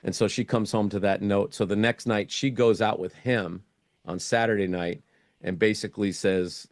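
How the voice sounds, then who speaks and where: A man's voice: fairly low pitch, moderate pace, no echo, studio quality. A middle-aged man, a guest in an interview, telling a casual story and acting out his own thoughts as he goes.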